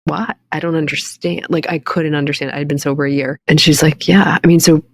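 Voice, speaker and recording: A woman's voice: low voice, fairly even intonation, brisk, dry recording, studio quality. A woman in her forties, a recovery coach and podcast guest, speaking earnestly and reflectively in a candid interview. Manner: earnest, reflective, quotes her own inner voice.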